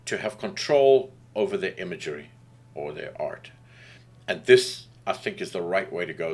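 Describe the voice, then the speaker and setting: A man's voice: fairly low pitch, a bit bright. A man talking casually about being an artist, frank and rambling, often repeating his phrases. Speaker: artist and podcast host. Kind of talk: casual monologue.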